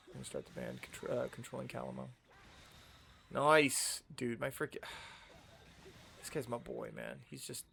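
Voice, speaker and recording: A man's voice: medium pitch, vocal fry, fairly bright tone, a little hiss or hum. A man giving casual, rambling commentary while streaming a video game, laid-back and full of fillers and slang.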